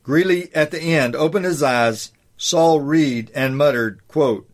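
Man reading his own essay with deliberate emphasis. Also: mid-range voice. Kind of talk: read-aloud essay commentary.

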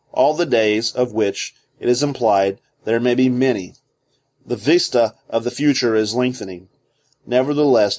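A man reading a theology book aloud as scripted narration, in a measured, deliberate way. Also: mid-range voice, darkish tone.

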